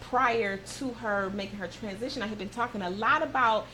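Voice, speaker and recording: A woman's voice: mid-range voice, normal speed, sharp tone, a little hiss or hum, low-quality recording. Female talk show host, sincere motivational speaker sharing personal stories, mid-range voice. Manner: heartfelt, encouraging, personal storytelling.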